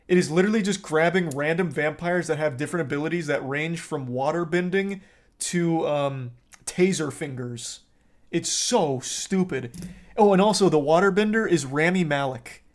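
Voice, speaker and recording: A man's voice: on the high side, normal speed. A young man streaming, recapping a film in a sarcastic, profane, rambling way. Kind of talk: casual chat.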